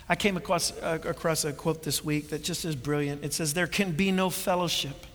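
A pastor preaching a sermon, earnest and full of rhetorical questions. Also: male voice, on the high side, a bit bright. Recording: long hall reverb.

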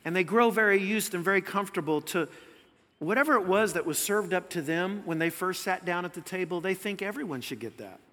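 A male pastor with a high, bright, forceful voice preaches to a congregation. He talks in an animated storytelling way and sometimes acts out the people he quotes. His voice carries a long reverb, as from a large church hall. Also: a little fast. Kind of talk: sermon.

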